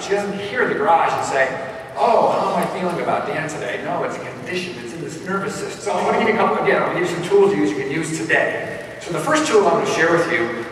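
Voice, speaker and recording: A man giving a live motivational keynote, punchy and energetic, talking straight to the crowd. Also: a little high, slight background noise. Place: large event hall. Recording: echoey hall recorded from far off.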